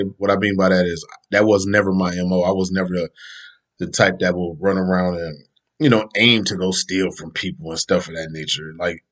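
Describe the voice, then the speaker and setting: Slangy, rambling man with a low voice. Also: fairly bright tone. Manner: loose, rambling, slangy, laughs often. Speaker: podcast host. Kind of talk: casual opinion talk.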